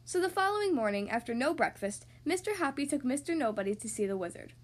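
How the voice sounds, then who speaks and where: A woman hosting a podcast who reads picture books aloud to young children, with gentle, expressive storytelling. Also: high-pitched, quick pace. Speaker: podcast host reading to kids.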